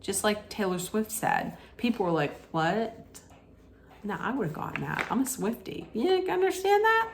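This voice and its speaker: A woman's voice: mid-range voice, lively intonation, brisk, gravelly, hardly any pauses, slight background noise. A woman vlogger recapping a reality TV episode in a casual, chatty way, retelling scenes and quoting lines with frequent restarts.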